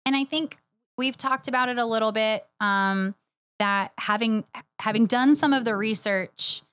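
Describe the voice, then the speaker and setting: A woman's voice: fairly high pitch, unhurried, a bit bright, clear, resonant tone, no room sound. Chatty, laughing woman podcast co-host. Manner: chatty, laughs often, emphatic agreement. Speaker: podcast co-host, church next steps director. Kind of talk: casual chat.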